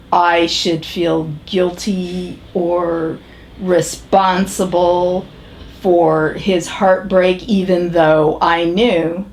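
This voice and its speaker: A woman playing a very slow, frank middle-aged woman. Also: on the low side, a little mellow. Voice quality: halting, measured delivery with pauses and restarts. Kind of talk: character monologue.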